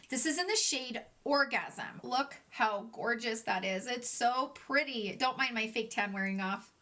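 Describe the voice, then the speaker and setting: A woman beauty vlogger chatting excitedly through a casual product review, gushing and chatty. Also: a little high.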